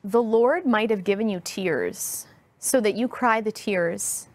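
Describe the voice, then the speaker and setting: A woman in her thirties, appearing as an interview guest, shares a personal story with earnest, heartfelt sincerity. She speaks slowly and deliberately in a mid-range voice, with no echo.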